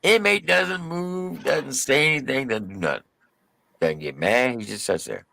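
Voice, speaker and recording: A man co-hosting a live stream, telling a story casually with drawn-out emphasis and mild cursing. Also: medium pitch, expressive, gravelly, pushed and bright, dry recording.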